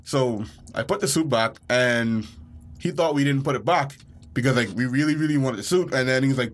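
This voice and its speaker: Young man from the Bahamas, podcast co-host, animated storyteller, medium pitch, faint hiss. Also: moderate pace. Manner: animated, acts out quotes with rising panic. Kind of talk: casual storytelling chat.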